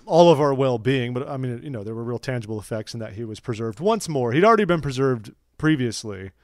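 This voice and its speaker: A man's voice: medium pitch, animated, fast talker, no echo, studio quality. A man hosting a casual scripture discussion podcast, playful and jokey, thinking aloud as he goes. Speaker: podcast host.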